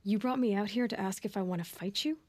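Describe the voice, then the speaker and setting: An actress playing a steady young female hunter in a video game who speaks in a calm, firm, measured way. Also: medium pitch, dry recording, clean studio sound, close to an everyday voice.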